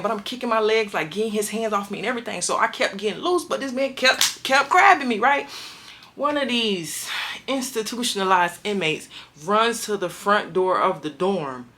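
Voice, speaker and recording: A young woman tells a story straight to camera in an emphatic, slangy way. Her tone is bright and forward, and her pitch jumps sharply whenever she acts out what someone said. She sits at a middling pitch for a woman. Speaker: vlogger telling a prison story.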